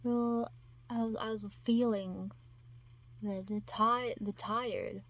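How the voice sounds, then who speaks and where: A woman's voice: on the high side, fairly even intonation, takes it slowly, fairly bright tone. A woman vlogger chatting casually to her camera, rambling and self-deprecating with lots of restarts.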